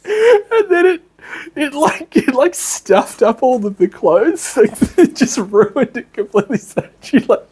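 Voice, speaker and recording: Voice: high-pitched, animated, measured pace, darkish tone, husky. A speaker, telling a rambling story to a class in a casual way, laughing often and using a lot of fillers. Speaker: class presenter.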